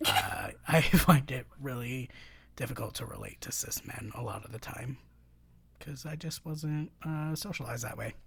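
Gravelly, husky podcast co-host. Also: mid-range voice, moderate pace. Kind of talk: casual film discussion.

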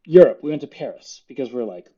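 A middle-aged man from Florida chats as a podcast guest, spinning animated stories and slipping into quick impressions of the people in them. His voice sits at an ordinary middle pitch. The recording is a little dull and lo-fi. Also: husky. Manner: animated storyteller, acts out quoted voices, laughs often. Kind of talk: casual podcast chat.

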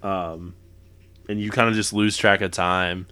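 A man's voice: sits low, little pitch movement, unhurried, bright, forceful tone, smooth. A young man co-hosting a podcast, chatting casually about basketball in a rambling way, laughing and correcting himself as he goes. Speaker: podcast co-host. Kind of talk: casual sports chat.

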